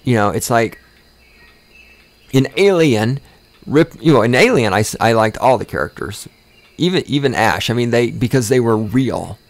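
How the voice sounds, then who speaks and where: A man of middle pitch hosts a podcast in a loose, profane rant. He is sarcastic and stumbles over repeated words as he gets fired up. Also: expressive, moderate pace, no echo. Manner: sarcastic, swears often, mocks with exaggerated voices; repeats words and restarts when worked up. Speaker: podcast host.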